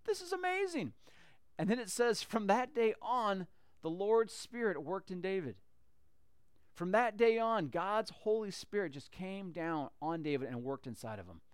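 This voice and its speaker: A man's voice: high-pitched, clear, resonant tone, no room sound, studio quality. A man teaching a Bible story in a casual, conversational way, acting out the characters as he goes. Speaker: church teacher.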